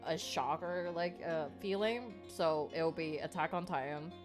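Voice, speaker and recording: Rambling woman podcaster, low voice. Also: a little slow, soft background music. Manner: rambling with many fillers and laughs. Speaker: podcast co-host. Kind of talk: casual chat.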